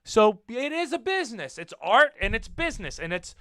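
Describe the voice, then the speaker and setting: Animated, forceful man with a smooth voice. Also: extremely high pitch, moderate pace, no echo, clean studio sound. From United States. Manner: animated and blunt, swears, repeats himself for emphasis. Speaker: podcast host and professional wrestler. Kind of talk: casual wrestling commentary podcast.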